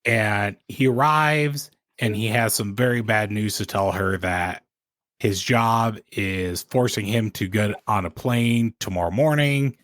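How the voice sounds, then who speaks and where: Low-voiced man in dry banter. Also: measured pace, a bit bright, dry recording. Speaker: podcast co-host. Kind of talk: casual chat.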